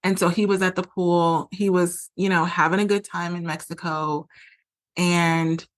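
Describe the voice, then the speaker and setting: A woman's voice: lowish voice, level tone, measured pace. A woman podcast host telling a personal story in a candid, emotional way, with lots of "like" fillers. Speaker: podcast host and relationship coach.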